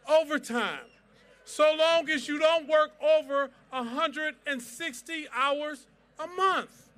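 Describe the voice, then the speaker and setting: A man stands before a rally crowd and preaches his cause, repeating lines for rhythm and leading chants. His voice sits very high and rings bright and forceful. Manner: preacher-like cadence, rousing chants, repetition. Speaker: civil rights organization president. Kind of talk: fiery rally speech.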